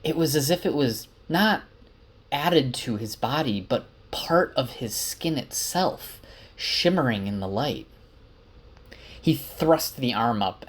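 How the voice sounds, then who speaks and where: Guy loosely retelling a book to his wife, chatty, lots of uhs. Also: mid-range voice. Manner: chatty, with frequent uh fillers. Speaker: book summarizer. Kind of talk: casual story recap.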